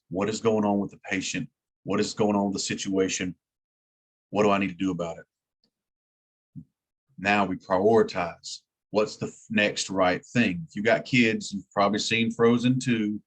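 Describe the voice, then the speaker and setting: A man's voice: lowish voice, steady tone, normal speed. A man teaching an EMT class in a plain-spoken way, repeating key words for emphasis. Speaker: EMT instructor. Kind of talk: classroom lecture.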